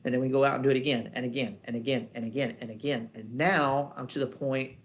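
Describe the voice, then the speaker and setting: A man's voice: medium pitch, steady tone, quick pace. Casual, rambling male dog trainer. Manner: conversational, rambling, rhetorical questions. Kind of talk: casual instructional talk.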